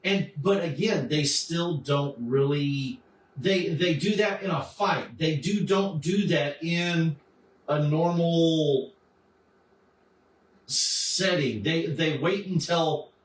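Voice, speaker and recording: Man, animated storyteller, higher-pitched, echoey room sound. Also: takes it slowly. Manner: animated, acts out characters while retelling. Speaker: podcast co-host. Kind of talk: casual chat about comics. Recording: echoey room, mic at a distance.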